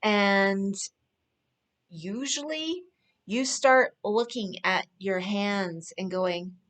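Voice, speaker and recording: A woman speaking as a spiritual speaker, telling personal stories in an earnest, unhurried way with soft laughs. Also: mid-range voice. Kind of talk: personal storytelling monologue.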